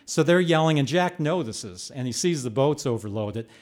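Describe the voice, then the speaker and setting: Older male storyteller, live stage delivery, animated and punchy, medium voice. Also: mid-range voice, normal speed. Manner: animated, rising to shouts when reliving the chaos.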